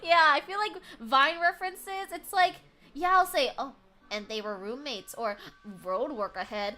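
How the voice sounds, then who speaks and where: Bright, high-voiced woman streamer. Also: unhurried. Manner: animated, laughs often, swears freely. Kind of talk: casual chat.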